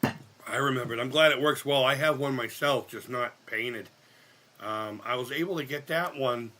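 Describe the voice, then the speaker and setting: A man hosting a live gaming stream. He is sick, and his voice sounds higher than usual. He chats casually, cracks jokes, swears a lot, and shouts at the game. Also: normal speed. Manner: profane, joking, loud outbursts at the game. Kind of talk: casual live-stream chat while playing.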